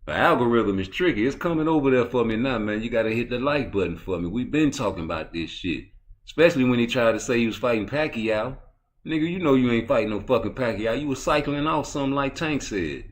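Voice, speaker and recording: Profane animated man ranting about boxing. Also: medium pitch, fairly quick. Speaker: boxing commentary vlogger. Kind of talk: casual ranting commentary.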